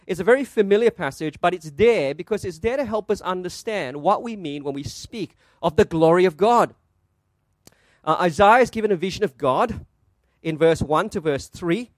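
Pastor, male, high-pitched, dry close mic; preaches with rhetorical questions, slows to stress. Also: dry recording. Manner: asks rhetorical questions, stresses words slowly. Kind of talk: sermon.

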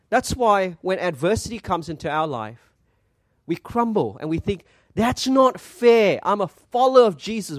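A male pastor preaches earnestly, stopping to ask rhetorical questions and to quote scripture. His voice sits high for a man. The sound is dry and close, with no room around it. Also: no room sound. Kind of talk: sermon.

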